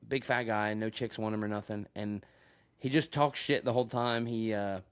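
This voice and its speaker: A man's voice: lowish voice, steady tone, brisk, clean tone. A man recorded on a phone, rambling through a crude story in casual podcast chat and laughing often. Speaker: podcast co-host.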